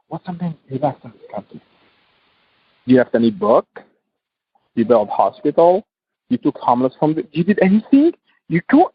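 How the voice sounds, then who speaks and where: Interview guest: man from Tunisia, husky and fairly high voice, impassioned and repetitive, dry, dull sound. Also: no room sound. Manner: impassioned, repetitive, non-native English. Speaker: guest entrepreneur. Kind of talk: passionate interview talk.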